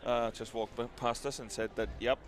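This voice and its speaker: A man's voice: mid-range voice, a little fast, a little hiss or hum. A man giving live ice hockey color commentary from the gantry, bantering and laughing. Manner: lively, laughs a lot, banter.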